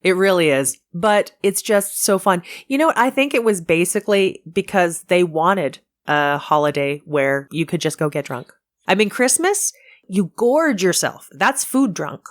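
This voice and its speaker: A woman's voice: fairly low pitch, animated, a little slow. A woman guesting on a podcast in casual chat, giggly and playful.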